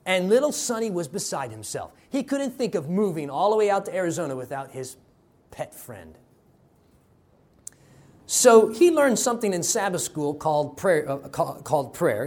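A man preaching a sermon, telling a story with dramatic swings in loudness. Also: a little high, very animated, normal speed. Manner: dramatic, varies loudness for effect.

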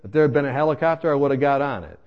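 A man telling a comic personal story in an animated way, acting out voices and laughing as he goes. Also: medium pitch, very fast, dull audio.

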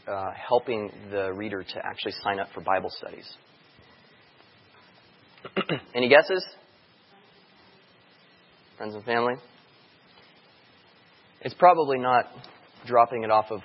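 A man's voice: lowish voice, husky. A man giving a chatty church outreach talk to a live audience, telling stories and asking the room questions. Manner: anecdotal, chatty, quizzes the room. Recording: dull sound in a long-reverb hall.

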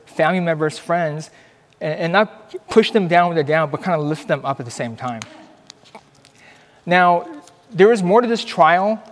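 A middle-aged man, a doctor, giving an earnest, conversational testimony talk at church with animated storytelling. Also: sits high, long reverb tail. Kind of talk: church presentation, personal testimony.

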